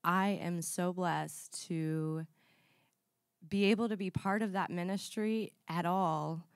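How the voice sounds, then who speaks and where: A woman's voice: fairly low pitch, steady tone, takes it slowly, no room sound, studio quality. Earnest woman giving a church testimony.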